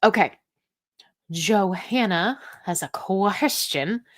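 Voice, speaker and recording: A woman's voice: medium pitch, animated, slow. A woman hosting a live question-and-answer stream, reading viewer comments and answering in a chatty, upbeat way with playful asides.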